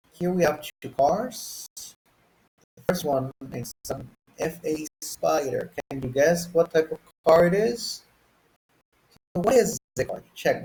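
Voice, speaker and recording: Slow, patient male English teacher. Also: fairly high pitch, mellow, rough recording. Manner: slow, patient, asks learners to guess and repeat. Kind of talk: beginner English lesson.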